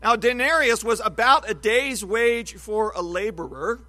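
A man preaching an expository Bible sermon, teaching in a measured, emphatic way. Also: high-pitched, sharp tone.

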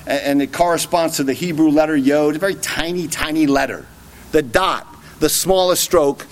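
A man preaching an expository sermon, emphatic and often checking in with a rhetorical "right?". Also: a little high.

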